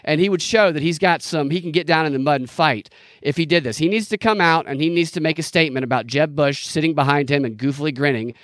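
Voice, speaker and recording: A man with a fairly high voice talks through the news in a loose, rambling way, full of sarcasm. The sound is dry and close, with no room around it. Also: fast talker, fairly bright tone, dry recording. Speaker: podcast co-host. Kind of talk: casual political commentary.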